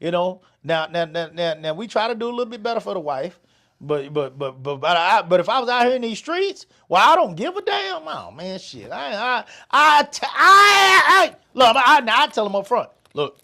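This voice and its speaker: High, bright-voiced man joking around. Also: big pitch swings, brisk. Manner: profane, joking, stammering restarts, laughs a lot. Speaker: podcast host. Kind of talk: casual chat.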